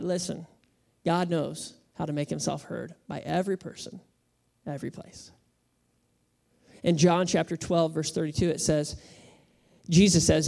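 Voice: medium pitch, fairly even intonation, normal speed, vocal fry, dark tone. A pastor preaching a sermon, conversational and humorous with emphatic moments.

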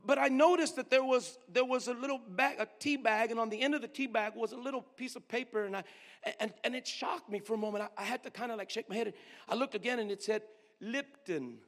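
Pastor, man, high-pitched, storytelling sermon, dynamic from booming to whispered, long church reverb. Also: quick pace. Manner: swings between loud outbursts and hushed near-whispers. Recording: long reverb of a large hall.

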